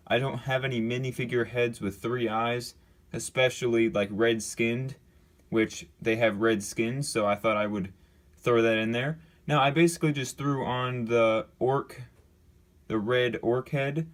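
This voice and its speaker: Young man, casual show-and-tell, rambling, filler words, average pitch. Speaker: LEGO builder showing his creation.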